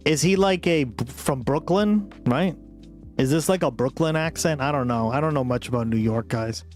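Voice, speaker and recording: A man's voice: a little high, normal speed, a little mellow, faint music behind. A man hosting a livestream who reacts in casual, rambling commentary and swears freely. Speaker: livestream host.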